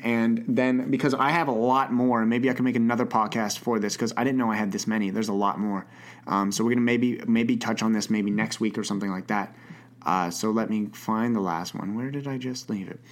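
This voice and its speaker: A young man with an ordinary mid-range male pitch hosts a casual advice podcast where he answers listener questions. He often hesitates, repeats words and restarts sentences.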